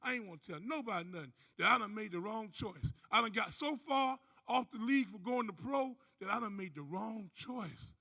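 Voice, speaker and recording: This is a man giving a lively testimony from a conference stage. His voice sits unusually high for a man and swings widely as he acts out each character. The tone is bright and gravelly. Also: normal speed, hardly any pauses. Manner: animated storyteller, acting out other voices and whooping. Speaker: conference speaker. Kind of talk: motivational testimony to a live audience.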